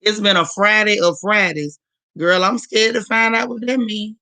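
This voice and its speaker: Hoarse, gravelly woman hosting a livestream. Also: mid-range voice, steady tone, normal speed, pushed and bright, no room sound, poor audio. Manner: chatty, greets viewers by name one after another. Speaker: livestream host. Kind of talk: casual chat greeting live viewers.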